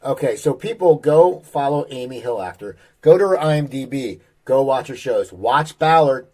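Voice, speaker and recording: A male podcast host with a warm, mellow voice closes out the show. He rattles off where to find his guest and his own channels in an upbeat way, ending with a familiar catchphrase. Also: mid-range voice, lively intonation, normal speed. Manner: upbeat, plugging links with a catchphrase sign-off. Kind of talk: podcast sign-off and promotion.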